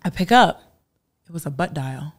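A woman in casual chat telling a story in lively detail, acting out the people in it and swearing freely. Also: low-pitched, moderate pace, breathy edge. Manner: animated, acts out quoted voices, swears freely. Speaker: guest.

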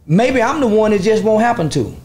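High-voiced bold boastful man. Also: animated, fairly quick, darkish tone. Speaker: interview guest. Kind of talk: casual interview talk.

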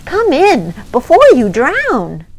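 A woman's voice: mid-range voice, very animated, drawn-out words, heavily acted. A woman voicing a determined, kindly little male snail in a children's storytime reading, firm and friendly.

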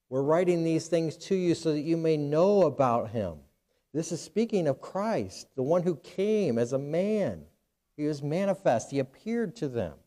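A man's voice: fairly high pitch, mellow. A man pastor preaching a sermon, earnest, with frequent restarts and fillers.

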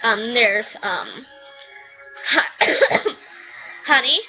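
A chatty woman rambles through a casual review at home and bursts into swearing. Her voice sits a little high. The recording is dull and lo-fi. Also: very animated, drawn-out words, faint music behind. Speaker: anime reviewer.

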